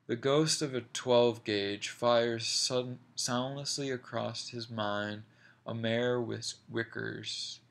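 A man reading a short story aloud in a slow, deliberate, measured way. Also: medium pitch, fairly even intonation, vocal fry, a bit bright. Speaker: reader.

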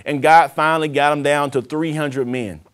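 A man preaching and praying as host of a televised sermon, his voice swelling louder and then dropping low. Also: steady tone, moderate pace, smooth. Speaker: apostle and TV program host.

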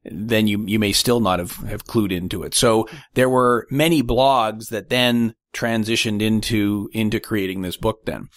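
A man's voice: on the low side, measured pace, few pauses, no room sound. Guy hosting a podcast, rambly playful questions, dry sound no room. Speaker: podcast host. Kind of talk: conversational interview.

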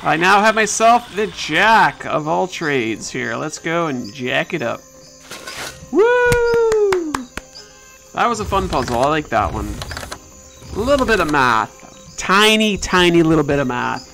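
Gamer doing playful commentary, voice swings all over, takes it slow, faint game music behind. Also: mid-range voice, wildly swooping pitch, gravelly, a bit bright. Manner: playful, bouncy, talks to game characters. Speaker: let's play gamer. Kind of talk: casual gameplay commentary.

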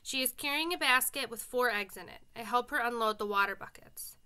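Brief: woman narrator, bright, fairly high voice, friendly audiobook reading with casual asides. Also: a little fast, smooth. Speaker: reader. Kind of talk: audiobook reading of a children's novel.

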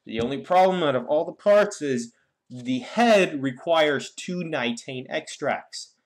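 A man's voice: fairly high pitch, animated, a little slow. A young man giving a casual, rambling game guide with many fillers and restarts. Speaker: gaming YouTuber.

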